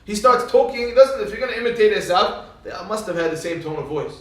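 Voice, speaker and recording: Male Torah teacher with a high voice, lively storyteller, far from the mic in a very reverberant room. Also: fast. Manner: animated, swings into sudden emphatic rises.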